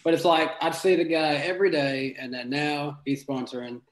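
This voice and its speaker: A man co-hosting a casual chat, telling stories quickly with many restarts. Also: a little high, level tone, reverberant, crowd noise, rough recording. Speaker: co-host.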